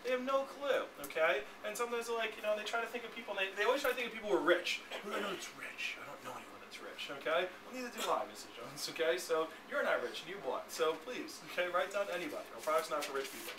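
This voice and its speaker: Brisk fast-talking male sales trainer. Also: high voice, expressive. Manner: brisk, keeps checking in with the room. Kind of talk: classroom sales training talk. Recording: echoey, distant, noisy room recording.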